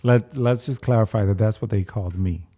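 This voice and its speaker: A man's voice: lowish voice, a little fast, mellow. A man chatting casually as a podcast guest, friendly and laughing, often stammering and restarting.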